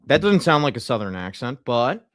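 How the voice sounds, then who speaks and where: A tired man streaming political commentary, talking in deadpan sarcasm as a mock insider. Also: medium pitch, moderate pace, no room sound, studio quality.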